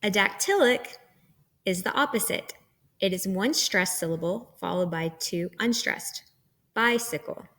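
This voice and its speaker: A woman's voice: medium pitch, animated, unhurried, a bit bright. A woman teacher giving a recorded lecture, explaining terms patiently step by step.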